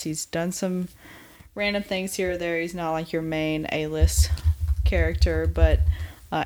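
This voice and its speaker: Woman, podcast co-host, lower voice, emphatic and ranting. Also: a little mellow. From American South. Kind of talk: casual chat reviewing a TV series.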